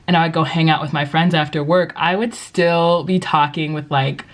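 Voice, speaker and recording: Chatty young woman vlogging, lowish voice. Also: fairly even intonation, normal speed. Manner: chatty and upbeat, full of likes and you-knows. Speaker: English teacher. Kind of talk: casual advice vlog. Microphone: compact vlogging camera.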